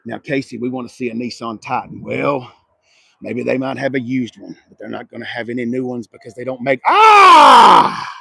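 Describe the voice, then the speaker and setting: A man with a gravelly, husky voice reviews cars on a dealership lot in a loose, chatty way. He talks excitably, dropping to murmurs and then bursting into shouts. His voice is lively and up and down, and the sound is close and dry. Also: medium pitch, moderate pace, no room sound. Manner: loud, excitable, swings between murmurs and shouts. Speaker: car dealership vlogger. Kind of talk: casual walkaround car review.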